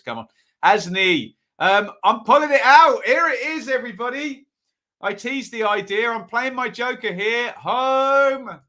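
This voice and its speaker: Upbeat chatty man, bright voice. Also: fairly high pitch. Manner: chatty and upbeat, many ums and rhetorical tag questions. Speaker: host of a live football predictions stream. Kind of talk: casual live-stream commentary, reading chat aloud.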